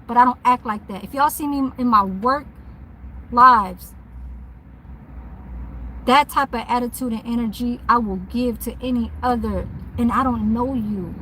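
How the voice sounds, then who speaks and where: A woman's voice: on the high side, a little slow, long pauses, pushed and bright, slight background noise, rough recording. A woman who works as a mobile nail tech, ranting bluntly and profanely in a casual vlog from her parked car.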